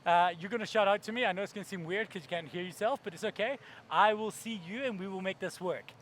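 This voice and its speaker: A man's voice: sits high, fast talker, fairly bright tone, slight background noise. A man giving a keynote talk on stage, brash and profane, acting out voices for comic effect. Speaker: keynote speaker.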